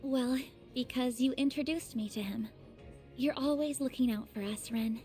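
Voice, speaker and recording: A woman voicing an earnest, shy young woman student in a game, gentle and easily flustered. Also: sits high, moderate pace, lightly acted. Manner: gentle, flustered when teased. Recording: game audio with faint music.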